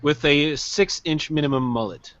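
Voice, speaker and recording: A man's voice: on the high side, normal speed, fairly bright tone, dull audio. A man joking hesitantly in a casual podcast chat.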